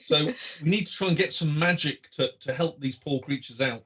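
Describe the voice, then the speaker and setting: A man playing a jolly Santa-like character in a tabletop game, pitched a little high. He sounds earnest and troubled, bringing grave news in an otherwise cheery role. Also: normal speed, fairly bright tone, breathy edge. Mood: worried.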